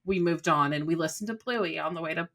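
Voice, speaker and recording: A woman in her thirties co-hosting a podcast, telling a story about her morning in a chatty, animated way. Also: deep voice, quick pace, gravelly. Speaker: podcast co-host. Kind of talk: casual chat.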